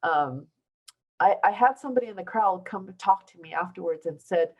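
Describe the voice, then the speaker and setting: A woman from southern China in middle age, a basketball coach, talks to a university audience. Her voice sits low, and she tells her stories in a loose way that often stops and starts again. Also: lively intonation, normal speed, muffled recording. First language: Taiwanese. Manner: conversational storytelling with many restarts and fillers. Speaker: basketball coach giving a talk. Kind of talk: informal speech to an audience. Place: university lecture hall.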